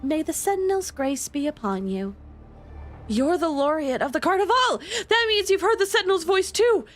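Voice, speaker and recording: A woman's voice: extremely high pitch, very animated, normal speed, pitched above the performer's own voice. A woman voicing a devout young female acolyte who speaks with earnest, fervent reverence.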